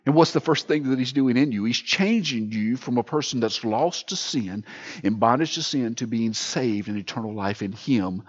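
A man preaching a sermon as pastor, swinging between loud emphatic lines and quiet near-whispered ones. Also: medium pitch, normal speed, lo-fi sound.

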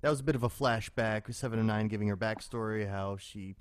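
A man co-hosting a casual chat, relaxed and wry, with some hesitations. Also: fairly low pitch, fast talker, smooth. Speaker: podcast co-host.

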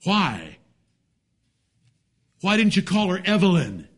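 A man's voice: sits high, wildly swooping pitch, slow, a bit bright. A man preaching a sermon, emphatic, with rhetorical questions and folksy jokes.

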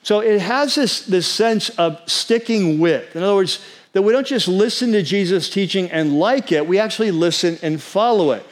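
Preaching in an animated way, a fairly high-voiced pastor speaks earnestly and conversationally, repeatedly asking his congregation "right?" When he reaches important words, he slows and spells them out for emphasis.

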